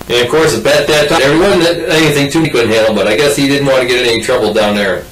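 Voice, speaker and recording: A man's voice: mid-range voice, brisk, fairly bright tone, distant mic. Older guy rambling thru an old story, folksy, roomy sound from off mic, faint hiss behind. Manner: rambling, folksy, with restarts and asides. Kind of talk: casual oral history.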